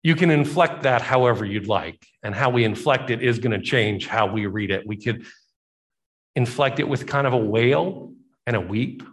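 A man's voice: mid-range voice, moderate pace. A man preaching a sermon, retelling a Bible story with emphatic repetition and voiced quotes. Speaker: pastor.

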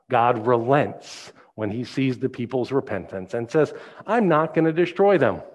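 A male pastor preaching a sermon, retelling a Bible story in a lively storytelling way. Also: medium pitch. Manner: animated storytelling.

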